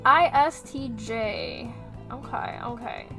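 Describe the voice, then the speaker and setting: A woman streaming as she draws, chatting casually with her viewers, animated and quick to swear. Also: a little high, faint music behind. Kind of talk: casual chat while drawing on stream.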